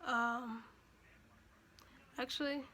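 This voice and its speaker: A woman's voice: a little high, fairly even intonation, drawn-out words, pushed and bright, a little hiss or hum. A young woman telling a personal story in a chatty way, full of fillers and restarts, and emotional at moments. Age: young adult. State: emotional, near tears at times. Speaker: vlogger. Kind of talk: casual storytime.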